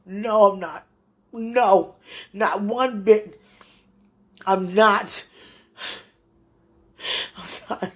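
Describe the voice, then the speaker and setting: A woman's voice: medium pitch, extremely slow, long pauses, a bit bright. A woman praying aloud to God in a pleading, tearful way, her voice breaking and sometimes falling to a whisper. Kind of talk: emotional spoken prayer.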